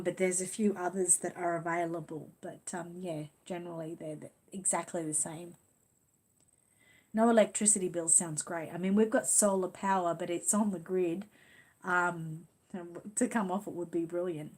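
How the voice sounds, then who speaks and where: A woman's voice: on the low side, fairly even intonation, normal speed. A woman from Australia with an Australian accent, hosting a casual live stream and chatting as she reads out viewer comments. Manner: chatty, reads comments aloud and reacts with small laughs. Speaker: channel host reading viewer comments.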